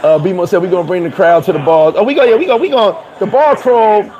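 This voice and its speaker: A man hosting a casual livestream, laughing often, talking in slang and giving shout-outs to viewers. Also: sits high, brisk, highs cut off. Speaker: livestream host. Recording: crowd chatter behind.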